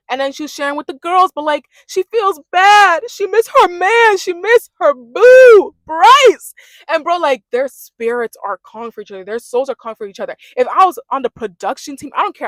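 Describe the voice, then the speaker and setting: A woman's voice: on the high side, a bit bright, no room sound, clean studio sound. A young woman giving a casual, sassy rant recapping a reality dating show and mimicking the cast as she goes.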